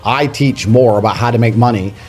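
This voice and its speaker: A man speaks quickly and insistently on a podcast. He sounds dismissive and sure of himself, and his voice sits at a middle pitch. Soft music plays in the background. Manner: dismissive, insistent, gets loud and high when worked up. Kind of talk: argumentative talk.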